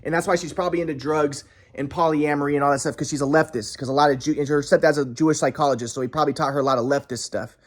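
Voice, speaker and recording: A man's voice: on the high side, fairly even intonation, very fast, few pauses. Agitated young man telling a rambling story. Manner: agitated, profane, many restarts.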